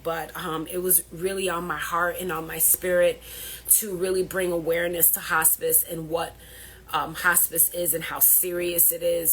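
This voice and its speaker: Grieving woman talking to viewers on a live, husky lowish voice, kinda pleading. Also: a bit bright. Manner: earnest, repetitive, pleading at times. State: emotional, grieving. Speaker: fertility health coach hosting a livestream. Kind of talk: emotional livestream talk to viewers.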